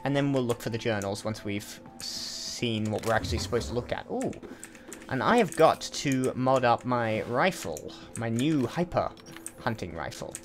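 A man's voice: mid-range voice, very animated, normal speed, soft background music. A man hosting a let's play, giving chatty, casual commentary and thinking aloud with asides as he plays.

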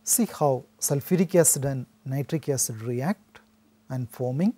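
Dark-toned chemistry lecturer. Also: male voice, mid-range voice, measured pace, husky. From India. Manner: steady explanatory delivery with frequent "so" restarts. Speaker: chemistry teacher. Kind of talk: recorded classroom lecture.

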